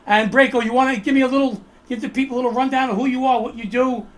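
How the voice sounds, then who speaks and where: A man's voice: extremely high pitch, fairly even intonation, rapid-fire, a bit bright. A man hosting a casual political chat show over a video call, joking and rambling as he introduces his guest. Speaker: host.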